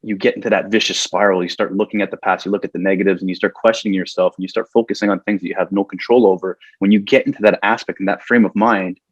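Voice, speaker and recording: A lower-voiced man with a husky edge tells a personal story on a podcast, earnest and animated as he acts out his own past thoughts. The sound is dry and a little dull, with no room around it. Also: quick pace, hardly any pauses, no echo. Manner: earnest, gets emotional telling the story. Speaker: podcast guest, corporate trainer.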